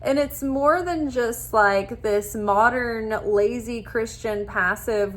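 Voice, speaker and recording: A woman giving a casual spiritual talk, animated and blunt, ranting with passion and swearing freely. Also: mid-range voice, slow pace, few pauses. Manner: impassioned ranting. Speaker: spiritual teacher.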